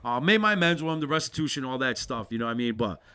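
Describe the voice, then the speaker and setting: Animated man telling a story. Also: mid-range voice, racing, smooth. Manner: animated, swearing, acts out both sides of conversations. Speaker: podcast guest. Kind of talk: casual storytelling.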